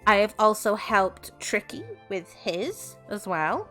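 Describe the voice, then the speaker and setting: A woman's voice: medium pitch, expressive, slow pace, pushed and bright, soft background music. A woman, chatting casually on stream in a teasing, giggly way and telling folk tales. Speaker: streamer and voice actress. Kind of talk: casual chat and folklore storytelling.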